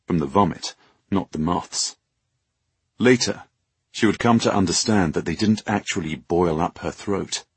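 Deep husky male audiobook narrator. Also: no room sound. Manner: measured, dramatic. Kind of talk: scripted narration.

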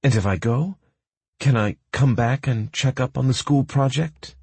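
A man voicing a confused, stubborn young woman in an audiobook, raising his voice to a higher pitch and pressing with questions. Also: measured pace, darkish tone, husky, no echo. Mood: insistent. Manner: raised pitch, insistent questioning. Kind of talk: audiobook character voice.

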